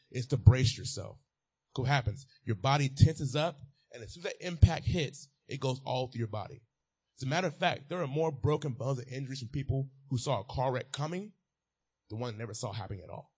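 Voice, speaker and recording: A man's voice: mid-range voice, darkish tone, husky. A man preaching a sermon as a pastor, repeating key phrases and building to emphatic peaks.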